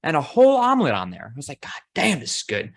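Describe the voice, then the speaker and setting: Male podcast host, relaxed casual chat, easygoing, casual swearing. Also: fairly high pitch, racing.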